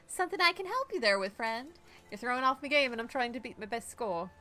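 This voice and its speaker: A woman's voice: mid-range voice, fairly even intonation, a little fast, fairly bright tone, soft background music. A woman voicing a tough, brash female mercenary with a shotgun, putting on a swaggering, blunt accent. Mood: breezy.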